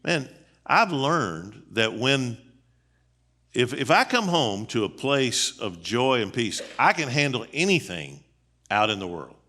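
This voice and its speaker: A man's voice: medium pitch, sing-song, slow pace, bright, forceful tone. A middle-aged man, a seminary dean, giving a conversational sermon on marriage in a folksy, emphatic way full of rhetorical questions. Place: church.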